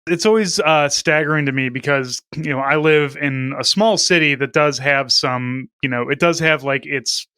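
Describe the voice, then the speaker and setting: St louis guy, kinda high bright voice, wry chatty podcast talk. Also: moderate pace, hardly any pauses, smooth, dry recording. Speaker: podcast co-host. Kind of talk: casual chat.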